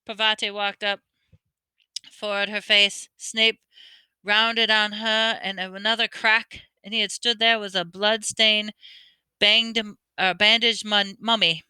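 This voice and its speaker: A woman reads a novel aloud in an amateur style, tripping over words and fixing them as she goes. Her voice is very bright and crisp, recorded dry and close with no room sound. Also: mid-range voice, little pitch movement, slow pace, no room sound. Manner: stumbles and corrects words while reading. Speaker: audiobook reader.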